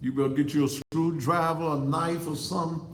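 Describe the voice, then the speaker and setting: A man giving blunt, fiery advice in a preaching-style monologue, repeating words in bursts and swooping up high. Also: fairly even intonation, a little fast. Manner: blunt, street-talking advice. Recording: roomy, echoey sound.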